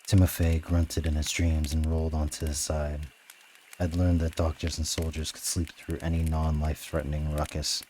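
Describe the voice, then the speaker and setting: Deep voiced guy reading a book on stream, even narration, faint clicking. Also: a little hiss or hum, low-quality recording. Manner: steady narration, with offhand asides. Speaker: reader. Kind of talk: reading a novel aloud on a live stream.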